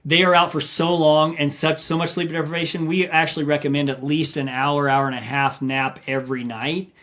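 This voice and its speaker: Animated storytelling man, fairly high voice. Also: a little fast. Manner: animated storyteller, acts out quotes. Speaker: ultramarathon runner and coach, guest. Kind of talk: podcast interview storytelling.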